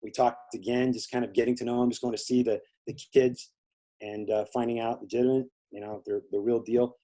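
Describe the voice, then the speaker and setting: This is a male interview guest from Indiana with a mellow, medium-pitched voice that barely moves in pitch, delivered briskly. Chatting casually, he rambles through a long story, leaning on fillers and imitating the people he quotes.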